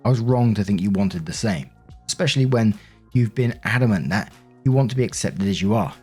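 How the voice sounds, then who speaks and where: A man's voice: on the low side, a little fast, a little mellow, slightly rough, faint music behind. A man reading the lines of a wounded, accusing wife in his own voice while narrating a Reddit story. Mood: hurt. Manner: bitter, reproachful, pleading.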